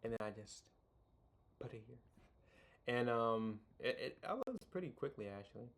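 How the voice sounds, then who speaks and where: A young man explains a workflow off the cuff, circling back on himself with fillers and half-finished sentences. His voice sits at an everyday middle pitch. He slips in wry, self-mocking remarks as he goes. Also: lively intonation, a little slow, vocal fry, fairly bright tone. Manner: rambling, many fillers and restarts; self-deprecating, jokey asides. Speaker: video tutorial host. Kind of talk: casual unscripted tutorial.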